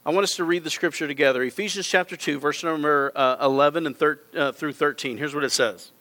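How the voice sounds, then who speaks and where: A middle-aged man preaching to a congregation in a church auditorium. His voice sits high and sounds bright and forceful. He hammers his points with repeated phrases and direct appeals to the people in the pews. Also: fast. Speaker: pastor. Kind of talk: sermon.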